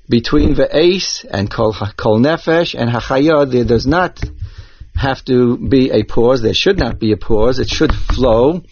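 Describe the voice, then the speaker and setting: A man teaching Torah cantillation, explaining each accent mark slowly and methodically, step by step. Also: medium pitch, a little mellow. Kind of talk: instructional explanation with chanted examples. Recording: dull lo-fi dry recording.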